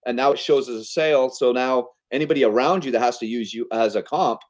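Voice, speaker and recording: A man in an interview, casually telling a business story in an animated, conversational way, often checking in with "okay?" and "right?". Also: medium pitch, fast. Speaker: podcast guest, entrepreneur.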